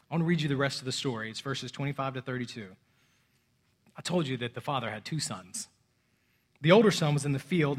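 A man in his thirties preaching a sermon, swinging between loud urgency and soft, hushed moments. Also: on the high side. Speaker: pastor.

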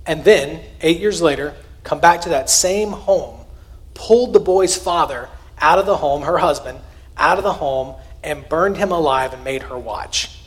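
A pastor preaches a sermon, addressing his congregation in a conversational, earnest way and a little slowly. His slightly high voice jumps up for emphasis and drops for quiet asides.

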